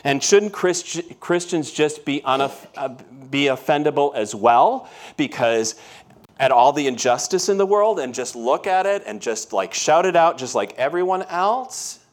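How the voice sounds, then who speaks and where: A man's voice: a little high, animated, unhurried. A man preaching a sermon as pastor, telling everyday stories in a conversational way and often checking in with the congregation. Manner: conversational storytelling, asks the congregation questions. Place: church.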